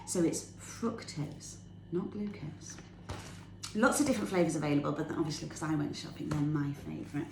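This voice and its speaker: Woman, enthusiastic vlogger, lowish voice, roomy echo, faint background hum. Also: moderate pace, gravelly, darkish tone. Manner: enthusiastic, bubbly, laughs while talking. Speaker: fitness tip vlogger. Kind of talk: casual chatty tips to camera. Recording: echoey room with faint ambience.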